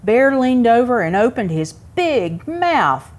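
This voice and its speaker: Lady reading a kids' storybook out loud, slow and super lively, asks the little ones questions. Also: a little high. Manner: asks young listeners questions, expressive. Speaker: museum story time reader. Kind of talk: reading a picture book aloud to children.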